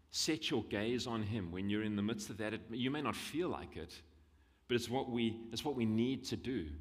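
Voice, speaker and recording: A man with a South African accent preaching a sermon in a conversational style, repeating his points for emphasis. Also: fairly low pitch. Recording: long hall reverb.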